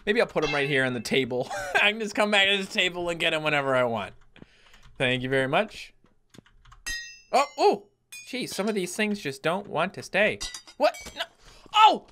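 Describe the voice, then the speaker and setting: Jokey, animated gaming commentator man. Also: sits high, moderate pace, long pauses, slight background noise. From Newfoundland, Canada. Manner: jokey, animated, bursts into yelps and laughs. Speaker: gaming YouTuber. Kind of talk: let's-play commentary.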